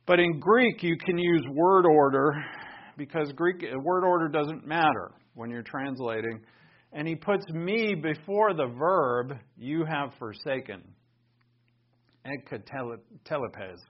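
A man teaching a Bible lesson in sermon style, conversational and animated, raising his voice for emphasis. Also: on the high side, takes it slowly. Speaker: pastor teaching. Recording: dull lo-fi recording.

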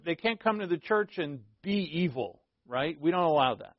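A man's voice: on the high side, sing-song, a little slow, hardly any pauses, dry recording. A man preaching as a pastor in informal Bible teaching, conversational and joking, often checking in with his listeners. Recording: dull lo-fi dry recording.

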